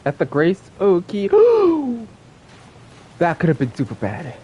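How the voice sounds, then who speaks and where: A man streaming a game live, chatting casually and rambling in an excitable, gushing way. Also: a little high, brisk, lo-fi sound.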